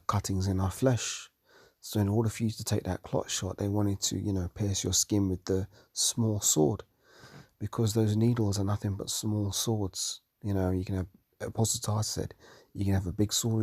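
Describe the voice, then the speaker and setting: A tired man teaching from the Bible late at night, reading verses aloud and commenting on them slowly. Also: lowish voice, darkish tone, husky, no echo, studio quality. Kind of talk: scripture study talk.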